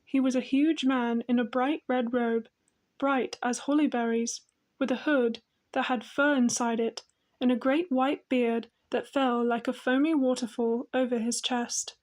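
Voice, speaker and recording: A woman narrating a children's fantasy audiobook in a gentle, even manner. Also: on the high side, measured pace. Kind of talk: storybook narration.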